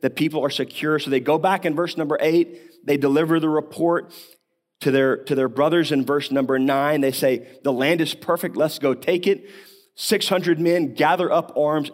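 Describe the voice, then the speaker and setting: Preaching at a moderate pace, a pastor with a slightly high male voice works through a Bible passage. He sounds conversational, poses rhetorical questions and coughs occasionally.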